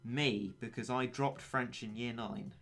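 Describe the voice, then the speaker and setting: A man's voice: mid-range voice, fairly even intonation, measured pace, gravelly, a bit bright, faint music behind. A young man in his late teens chatting casually and wryly on a game stream, poking fun at himself. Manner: chatty, wry and self-mocking. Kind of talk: casual gaming stream chat.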